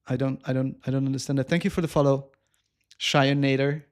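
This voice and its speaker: A man chatting casually on a live cooking stream, animated and self-mocking, laughing often and reading viewer comments aloud. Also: mid-range voice, racing. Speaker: livestreamer.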